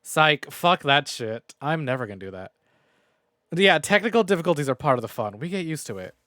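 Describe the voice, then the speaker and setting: A male streamer talks casually from home into a close microphone, swearing freely and rambling between jokes at his own expense. His voice sits a little high and jumps around a lot. The sound is dry, with no room echo. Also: very animated, a little fast, pushed and bright. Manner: profane, rambling and self-mocking. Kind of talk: casual game stream recap. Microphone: new desk microphone.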